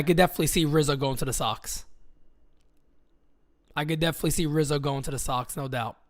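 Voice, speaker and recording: Joking high-voiced man on a livestream. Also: fast talker, long pauses, no room sound, clean studio sound. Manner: joking, rambling, reading viewer comments aloud. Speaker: livestream host. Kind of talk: casual livestream chat.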